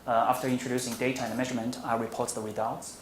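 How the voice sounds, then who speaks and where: A man with as his delivers an academic talk at a measured pace, often pausing on "uh" and restarting his sentences. His voice sits in a middle pitch. The room gives it a roomy echo over a faint steady hum. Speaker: visiting academic speaker. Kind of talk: academic presentation. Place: university lecture room.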